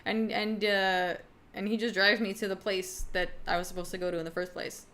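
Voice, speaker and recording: A young woman on a livestream talks loosely to her viewers, her sentences wandering and full of fillers. She swears in passing and answers chat as she goes. Her pitch sits in the middle for a woman. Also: level tone, brisk, a bit bright. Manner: rambling, filler-heavy, swears casually. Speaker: streamer.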